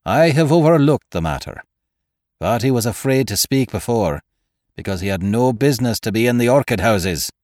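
A man voicing a gaunt, irritable gentleman who speaks curtly and snaps at others. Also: mid-range voice, lively intonation, moderate pace, dry recording, studio quality, voice pushed up, natural voice. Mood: stern. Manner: curt and fierce, then contrite.

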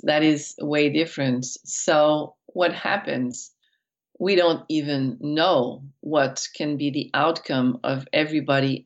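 Speaking as "we," a woman channels a collective of spirit entities, delivering slow, deliberate, repeated phrases. Her voice is low-pitched, and the recording's highs are cut off.

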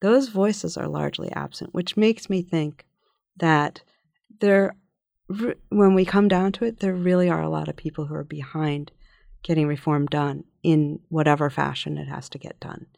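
A woman as a policy researcher guest in a podcast interview, answering in a measured, thoughtful way with frequent fillers and restarts. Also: low-pitched, fairly even intonation, vocal fry, darkish tone, dry recording, clean studio sound.

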